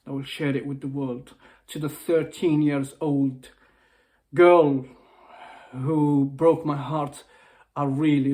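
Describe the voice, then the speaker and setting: Close to tears, a male motivational speaker delivers an emotional, impassioned video message in which he pleads, restarts phrases and says things over again. His mellow, fairly high voice moves slowly with little change in pitch.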